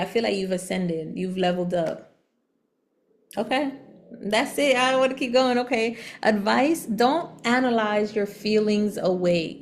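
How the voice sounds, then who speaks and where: A woman giving a casual tarot reading, chatty and animated, laughing often and using relaxed slang. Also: medium pitch. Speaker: tarot reader.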